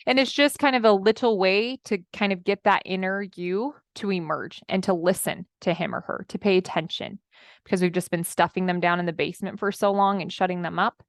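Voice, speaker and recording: At medium pitch and normal speed, this woman's fairly bright voice comes through clean studio audio with no room sound. A marriage coach in her thirties, she talks to listeners like friends in a chatty motivational style, acting out quotes from clients.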